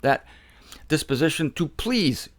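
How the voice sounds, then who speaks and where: A man giving a casual spoken Bible teaching, animated, repeating phrases for emphasis. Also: a little high, a little slow.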